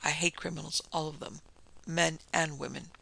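A man's voice: a little high, flat delivery, normal speed, gravelly, sharp tone, no room sound, exaggerated voice. A man reading a hard, stern detective. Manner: terse, clipped and stern. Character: hard, cold male detective who hates criminals.

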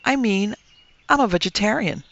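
A man voicing a mild, fussy old male dragon who speaks in a genial, unhurried, teasing way. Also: high voice, expressive, creaky, a bit bright, no echo, lo-fi sound, pitched above the performer's own voice, heavily acted.

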